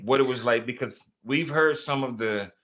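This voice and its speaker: A man's voice: mid-range voice, normal speed, a bit bright. Guy hosting a book talk interview, easygoing, keeps restarting his sentences. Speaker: host. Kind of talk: conversational interview.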